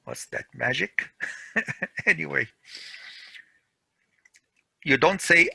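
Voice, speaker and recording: A man teaching a weekend school class, drilling word pronunciation slowly and repeating each word to his students. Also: a little high, lively intonation, creaky, pushed and bright, breathy edge, dry recording, low-quality recording. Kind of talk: classroom grammar lesson.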